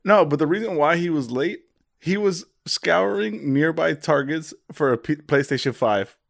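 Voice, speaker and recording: A young man with a somewhat high voice, co-hosting a relaxed podcast. He talks in a playful, teasing way and giggles often between lines. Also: moderate pace, vocal fry. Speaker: podcast co-host. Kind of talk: casual chat.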